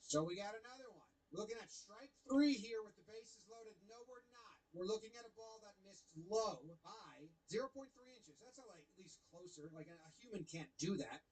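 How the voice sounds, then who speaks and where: Husky high-voiced man giving animated play-by-play. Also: a little fast, hardly any pauses, poor audio. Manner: animated, playfully mocks the umpire. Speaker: baseball video commentator. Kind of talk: casual play-by-play commentary.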